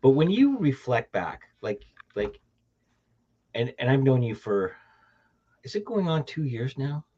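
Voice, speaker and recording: A man's voice: mid-range voice, very animated, measured pace, long pauses, mellow. A man with a Canadian accent hosting a casual podcast chat, rambling through restarts and laughing easily. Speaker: podcast host. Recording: dull lo-fi audio.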